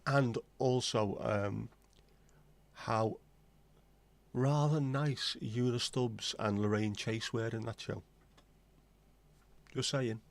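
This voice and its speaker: A man's voice: medium pitch, fairly even intonation, slow pace, creaky, long pauses. A man in his forties from England, chatting casually as a livestream host, opinionated and blunt, rambling from one aside to the next. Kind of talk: casual chat.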